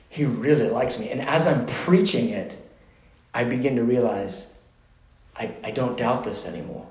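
A male pastor teaching a sermon-style class in a passionate, conversational voice, restarting phrases as he goes. His voice sits at a middle pitch and rings with the echo of a roomy space. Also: normal speed, a little mellow.

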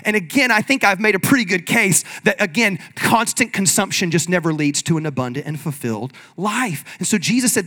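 A man preaching a sermon in an energetic, conversational way, leading the congregation in call-and-response. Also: sits high, brisk, hardly any pauses. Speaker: pastor.

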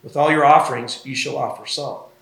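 A man preaching an expository sermon, measured and teaching, with occasional fillers. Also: mid-range voice, fairly bright tone. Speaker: pastor.

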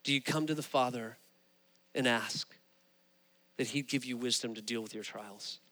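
A man preaching a sermon, telling stories with animated, rising emphasis. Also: mid-range voice, normal speed, in a large hall. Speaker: pastor.

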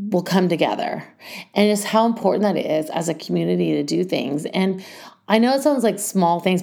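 A woman's voice: lowish voice, vocal fry, mellow. A middle-aged woman who founded a school, talking in a rambling, heartfelt podcast monologue and getting emotional. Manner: rambling, heartfelt, many fillers.

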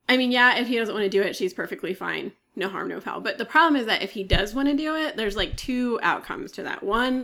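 A woman's voice: mid-range voice, gravelly, a bit bright. Woman podcast co-host, methodical but casual, laughs easily. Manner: lays out arguments step by step, laughs often. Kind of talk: casual fan podcast chat.

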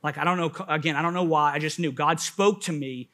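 A pastor with a voice on the high side preaches a sermon at a brisk pace. He tells a personal story animatedly, swinging between hushed and loud.

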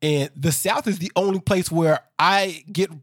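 A man's voice: sits high, unhurried, dry recording, studio quality. A man co-hosting a casual podcast, telling rambling anecdotes with restarts. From Chicago area. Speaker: podcast co-host. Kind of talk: casual chat recapping a reality show.

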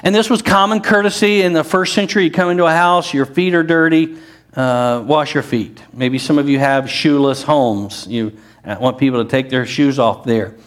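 A middle-aged pastor preaches in a conversational way, full of asides and questions to the listeners. His voice sits a bit high for a man and climbs further when he leans into a point. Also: normal speed. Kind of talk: sermon.

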